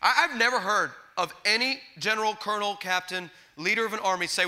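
A man preaching a sermon with passion, swinging between loud declarations and hushed asides, telling stories with acted-out quotes and stammered restarts. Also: high voice, fairly quick, few pauses. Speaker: pastor.

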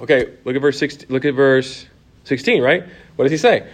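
A man teaching a church Bible course to a class. He talks conversationally, poses questions to the room and fills pauses with ums and restarts. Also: fairly high pitch, fairly even intonation.

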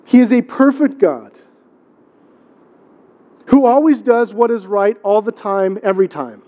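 High-voiced man preaching in a reverberant church. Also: unhurried, dark tone, muffled recording. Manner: conversational preaching with rhetorical questions and repetition. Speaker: pastor. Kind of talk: sermon. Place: church sanctuary. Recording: long hall reverb.

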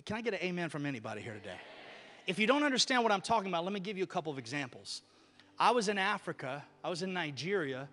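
A male pastor preaching a sermon, telling stories with animated voices that rise to near-shouting at the peaks. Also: high voice, fast, big-room sound, faint music behind.

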